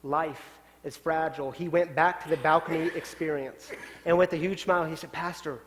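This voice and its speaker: A male pastor telling a story in a sermon, swinging from loud, urgent lines down to quiet, hushed ones. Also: on the high side, fairly even intonation, normal speed. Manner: dramatic shifts from loud to hushed. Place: church sanctuary. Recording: long church hall reverb.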